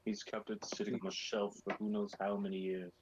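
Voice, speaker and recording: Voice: low voice, steady tone, a little fast, dull audio, a little hiss or hum. A player at a tabletop game who teases the others and explains the rules. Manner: dry, teasing, rules-minded. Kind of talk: casual tabletop play.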